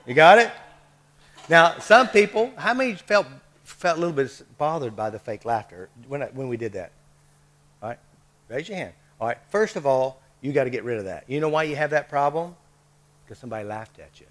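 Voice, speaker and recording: A man's voice: a little high, fairly bright tone. A man leading a live workshop, coaxing the group with short repeated prompts and checks. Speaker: workshop leader.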